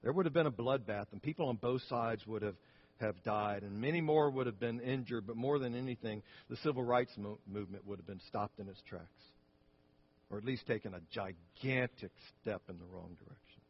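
A man's voice: on the low side, a little fast, breathy edge, dull audio. A man pastor preaching a sermon, telling a story earnestly and often restarting his phrases.

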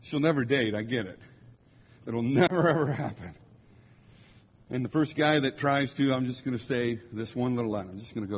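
Husky man telling jokey stories in a hall. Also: medium pitch, a little fast. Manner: jokey, animated storytelling with impressions. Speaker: musician speaking to a congregation. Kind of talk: humorous storytelling talk. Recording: dull lo-fi sound in a large reverberant hall.

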